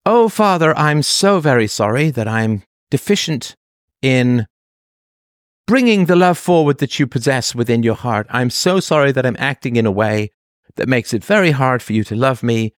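A man's voice: medium pitch, animated, normal speed, no echo, clean studio sound, lightly acted. A man voicing a young child who grovels and begs a father's forgiveness in a mock-pleading, sarcastic way. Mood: groveling.

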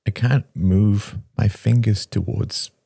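A man voicing a weary, glib young man who speaks softly. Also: lowish voice, steady tone, slow pace, gravelly, no echo, clean studio sound, pitched above the performer's own voice, heavily acted. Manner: soft, deflecting.

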